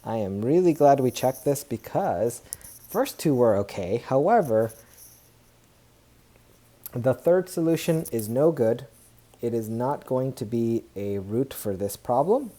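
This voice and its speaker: A man with a deep, mellow, very dark tone walks through a math lesson at a tablet. He talks casually, corrects himself as he goes and cheers little wins. The voice sits close to the mic at a middling pitch. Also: lively intonation, unhurried. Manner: chatty, self-correcting, upbeat exclamations. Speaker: math teacher.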